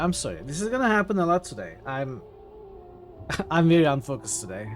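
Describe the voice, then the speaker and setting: A man's voice: fairly high pitch, big pitch swings, fairly quick, faint music behind. A man streaming a game casually, reading the game text aloud and greeting his chat. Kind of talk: casual game livestream commentary.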